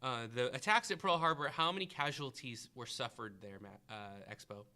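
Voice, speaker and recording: On his history review podcast, a teacher quizzes a student, thinks aloud, and cheers on the responses. His medium-pitched voice is pushed and bright, clear and resonant, at a normal speed.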